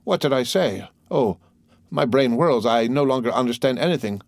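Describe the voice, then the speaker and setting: A man voicing a terrified young wife, stammering and pleading in an audiobook, pitched well above his own voice. The sound is dry and close, with no room around it. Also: animated, moderate pace, vocal fry, dry recording. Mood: panicked. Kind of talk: audiobook character voice.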